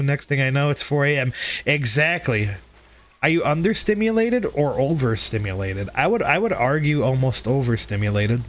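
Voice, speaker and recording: A man's voice: medium pitch, a bit bright. A man hosting a livestream and chatting candidly with viewers, swearing freely and being hard on himself. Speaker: livestream host. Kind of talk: casual stream chat.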